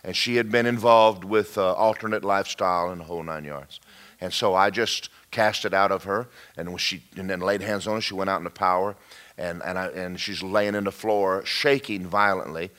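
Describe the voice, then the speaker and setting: A man preaching a storytelling sermon, folksy and animated, with joking asides and sudden shouts. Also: low-pitched, normal speed.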